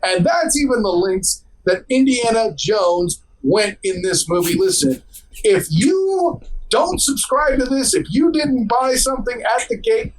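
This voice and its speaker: High-voiced, wisecracking male co-host. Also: animated, measured pace, rough recording. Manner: wisecracking, teasing. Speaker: podcast co-host. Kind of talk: casual movie chat.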